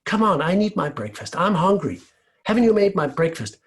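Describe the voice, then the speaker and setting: A man's voice: sits high, sing-song, brisk, pitched above the performer's own voice. A man voicing a demanding young son of the house in a told folk tale. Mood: whiny. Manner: whiny, demanding.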